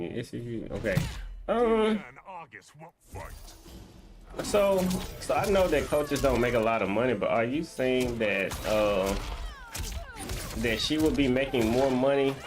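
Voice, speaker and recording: A man hosts a game live stream, bantering casually with his viewers as he reads their comments aloud. His pitch swings widely as he talks, and faint music plays underneath. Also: expressive, takes it slowly, long pauses.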